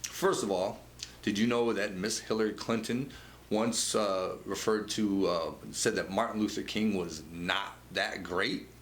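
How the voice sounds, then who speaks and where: A man's voice: lowish voice, steady tone, unhurried. A man hosting a political commentary show, talking conversationally with frequent stammered restarts and repeated words. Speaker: show host. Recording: echoey room with faint noise.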